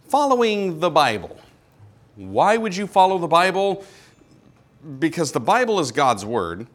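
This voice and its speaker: A man's voice: a little high, fairly bright tone. A male pastor preaching a conversational, emphatic sermon full of rhetorical questions.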